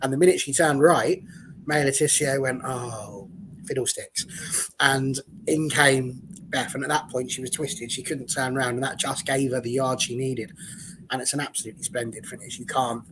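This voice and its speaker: A man's voice: mid-range voice, little pitch movement, a little fast, a bit bright, slight background noise, poor audio. A man on a fan panel, talking football in a chatty, jokey way. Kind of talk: casual football discussion.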